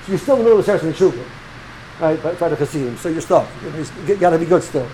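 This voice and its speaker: High-voiced animated male rabbi lecturing. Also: racing, slight background noise, low-quality recording. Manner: animated, repeats and restarts words, sprinkles Hebrew and Yiddish terms. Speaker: rabbi teaching students. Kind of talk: informal religious lecture.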